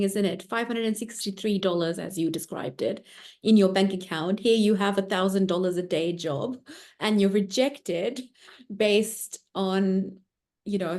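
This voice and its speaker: A woman hosting an interview, attentive and encouraging, who adds many soft affirmations as her guest talks. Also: mid-range voice. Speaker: podcast host.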